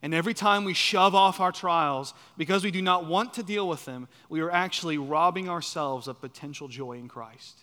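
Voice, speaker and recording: A man preaching a sermon, emphatic, repeating key phrases and swinging from loud to soft. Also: on the high side, moderate pace, few pauses. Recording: reverberant hall.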